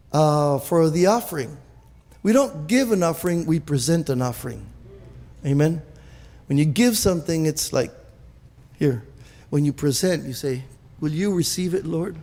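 High-voiced preaching man in a hall. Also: breathy edge. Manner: animated preaching with many restarts and repeated "Amen?". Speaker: pastor. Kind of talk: sermon. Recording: echoey hall with long reverb.

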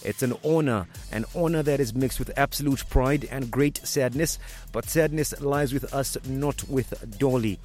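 A man's voice: medium pitch, normal speed, few pauses, darkish tone, faint music behind. A man hosting a radio news segment, hesitant and full of fillers. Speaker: radio host. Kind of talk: news commentary.

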